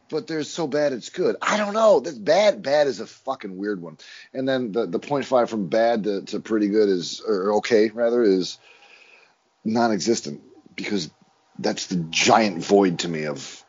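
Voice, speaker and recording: A man co-hosting a casual movie podcast, talking in an animated, rambling way with frequent swearing. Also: on the low side, a little slow, breathy edge, dull audio. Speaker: podcast co-host. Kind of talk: casual chat.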